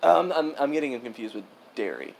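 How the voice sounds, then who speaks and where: Low-voiced, teasing woman co-host. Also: sing-song, a little fast, gravelly, a little mellow, a little hiss or hum. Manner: chatty, teasing, cuts in often. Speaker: podcast co-host. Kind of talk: casual chat.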